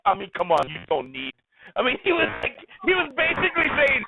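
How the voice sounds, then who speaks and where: A man telling a story as an interview guest, animated and excitable as he talks. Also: very high-pitched, a little fast, creaky, narrow, tinny audio, slight background noise. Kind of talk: casual storytelling.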